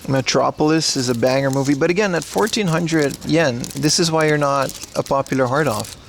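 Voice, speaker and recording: Gravelly joking man livestreaming in a shop. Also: on the high side, a little fast, a little hiss or hum. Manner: rambling, joking, talks to chat while browsing. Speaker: streamer. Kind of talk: casual IRL livestream commentary. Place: indoors in a secondhand electronics shop.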